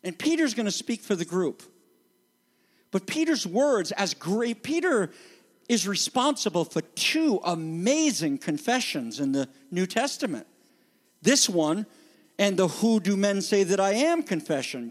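A man preaching a sermon as pastor, animated and conversational, acting out the voices he quotes. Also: high voice, measured pace, big-room sound.

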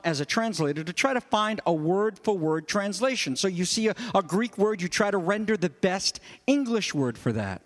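A male pastor preaching, earnest and emphatic, his voice sitting high for a man. Long reverb from a large church sanctuary trails his words. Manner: emphatic, earnest, explanatory, with repeated rhetorical stress. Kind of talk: sermon.

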